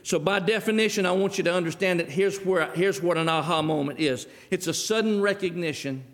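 Folksy storytelling preacher. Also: male voice, high-pitched, fairly quick, few pauses. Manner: folksy storytelling, acts out dialogue. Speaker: pastor. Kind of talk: sermon. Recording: long hall reverb.

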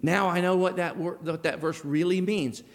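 Middle-aged man, pastor, folksy storyteller at the pulpit, voice a bit high, long church-hall reverb. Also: steady tone, moderate pace. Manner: folksy storytelling, acts out dialogue. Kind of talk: sermon.

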